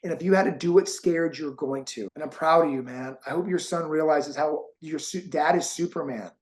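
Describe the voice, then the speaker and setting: A man's voice: a little high, normal speed. A man hosting an interview, talking in a heartfelt, encouraging way and getting emotional. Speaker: host and course creator.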